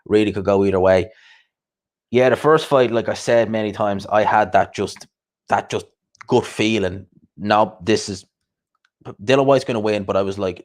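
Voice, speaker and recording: A man with a lowish voice hosts a casual livestream chat, chatty and quick to laugh, often repeating himself and swearing.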